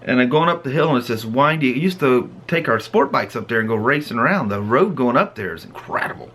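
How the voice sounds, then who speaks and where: A man's voice: mid-range voice, fast talker, breathy edge. A middle-aged man hosting a family vlog, casually telling a story and acting out its moments with laughs. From Pacific Northwest of the US. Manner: animated, laughs and acts out the story. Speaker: vlog host.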